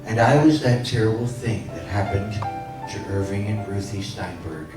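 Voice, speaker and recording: A man in his sixties delivers a motivational speech, telling a personal story with comic punchlines. His voice is fairly low and moderately paced, picked up by a distant mic in an echoey hall with music in the background.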